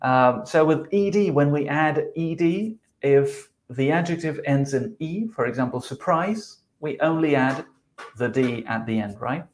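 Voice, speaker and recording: Speaking a little slowly in a voice on the high side, a man co-hosts a podcast lesson and patiently explains grammar. He is an English teacher, a native Spanish speaker with a South American accent, who chuckles whenever he slips.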